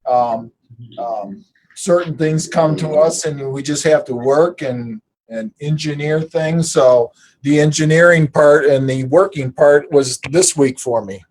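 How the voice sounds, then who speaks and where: A man from the Detroit area joins a casual online group call, his voice sitting somewhat high. He talks in a friendly, polite and rambling way while walking through his projects. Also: unhurried, a little mellow, a little hiss or hum, poor audio. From Detroit area, United States. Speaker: participant showing his projects.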